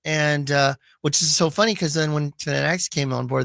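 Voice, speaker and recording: Bright, gravelly-voiced male radio host. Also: a little high, no room sound. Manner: animated, slips into quick comic put-on voices. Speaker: radio show host, sports card expert. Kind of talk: casual radio chat.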